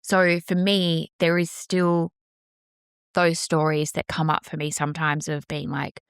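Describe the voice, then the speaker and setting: A woman with a fairly low voice hosts a solo podcast, speaking earnestly and with emphatic passion. Her voice is recorded close and dry, with no room sound around it. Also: completely flat delivery, unhurried, clean tone, no echo. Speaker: podcast host. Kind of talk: candid solo podcast monologue.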